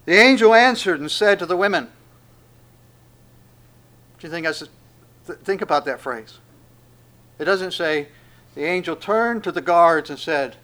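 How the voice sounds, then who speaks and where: A man preaching a sermon, swinging between loud proclamations and hushed asides and acting out the speech he quotes. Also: a little high, expressive, normal speed, pauses often.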